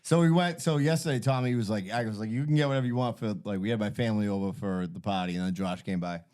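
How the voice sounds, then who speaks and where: A man's voice: on the low side, quick pace, a little mellow. A man, hosting a podcast and telling a long, profane, rambling story in casual chat. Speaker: podcast host.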